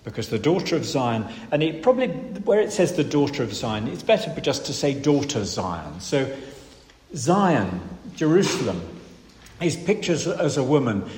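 A man preaching an expository sermon, earnest, moving between emphatic stresses and hushed, grave lines. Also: medium pitch, a little hiss or hum. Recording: reverberant hall, faint room ambience.

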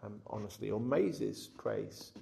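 Guy with a gravelly voice teaching on a psalm, chatty, kinda stumbly and repeats himself. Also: lowish voice, slow, a little hiss or hum. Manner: frank, animated, repeats words, acts out quotes. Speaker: Bible teacher. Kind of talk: conversational Bible talk.

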